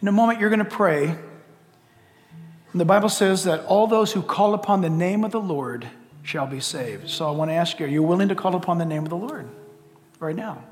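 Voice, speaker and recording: A high-pitched male pastor delivers an earnest, blunt altar call, circling back on his points as he urges listeners forward. His voice rings out through a church sanctuary with a long reverb trailing each phrase. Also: a little fast, soft background music. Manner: earnest, pleading preacher, blunt and repetitive. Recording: long reverb of a large hall.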